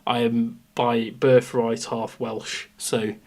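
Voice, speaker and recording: A man's voice: medium pitch, flat delivery, takes it slowly, darkish tone. A young man from England with a Midlands accent, chatting through a live reaction stream, rambling and poking fun at himself. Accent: English Midlands. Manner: rambling, self-mocking, jumps between topics.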